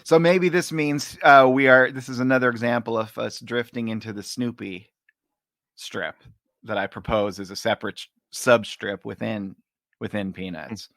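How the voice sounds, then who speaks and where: A man co-hosting a podcast, chatting casually, laughing often and describing comic strips out loud. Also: medium pitch, normal speed, dry recording, studio quality. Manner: laughs often, animated when reading. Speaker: podcast co-host. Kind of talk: casual chat, reading comic strips aloud.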